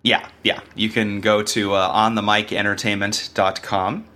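A man appearing as a podcast guest, his voice scratchy from a cold, speaking haltingly and politely with many pauses. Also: on the low side, flat delivery, sharp tone. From Sacramento area, US. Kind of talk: casual podcast chat.

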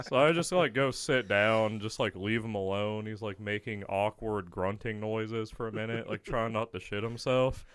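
A man's voice: lowish voice, steady tone, normal speed, few pauses, a bit bright, clean tone, no echo. Male podcast guest, correctional officer, crude laughing storyteller, clean resonant tone. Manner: profane, laughing often while telling a story. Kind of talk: casual storytelling.

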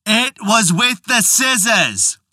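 A storyteller voicing a stubborn, defiant wife who repeats herself slowly in a raised voice. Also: big pitch swings, sharp tone, no room sound, studio quality, exaggerated voice. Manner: slow, high, insistent repetition. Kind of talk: storytelling voice acting.

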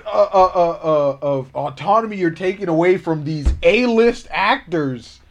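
A man with a fairly high voice co-hosts a podcast in casual chat. He jokes, swears freely and goofs around with his partner. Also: expressive, unhurried. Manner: joking, profane, goofing around. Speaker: podcast co-host.

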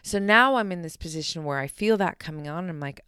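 A woman's voice: fairly low pitch, fast talker, smooth, dry recording, clean studio sound. Candid, swearing woman podcaster. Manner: candid and energetic, swears freely, addresses listeners directly. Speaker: podcast host. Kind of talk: casual solo podcast monologue.

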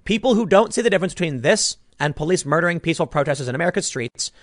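A man's voice: on the high side, lively intonation, very fast, no echo, studio quality. A man giving an opinionated political commentary monologue, combative and sarcastic, restarting his sentences as he argues.

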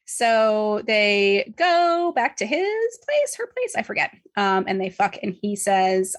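A woman's voice: medium pitch, big pitch swings, slow, few pauses. A woman casually recapping a story to a co-host, chatty, full of fillers and swearing. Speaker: podcast host recapping a book. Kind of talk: casual chat.

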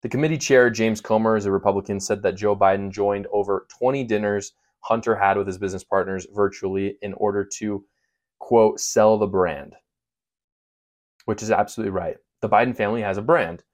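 A man's voice: on the low side, steady tone, fast. Indignant male political commentator. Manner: emphatic, indignant, sarcastic. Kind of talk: opinion monologue.

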